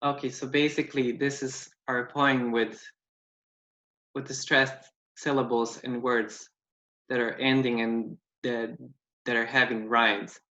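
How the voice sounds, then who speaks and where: Bright-voiced man explaining phonetics, echoey. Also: medium pitch, little pitch movement, a little slow. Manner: explanatory, reading out word examples. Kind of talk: class presentation on phonetics. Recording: dull, echoey room sound.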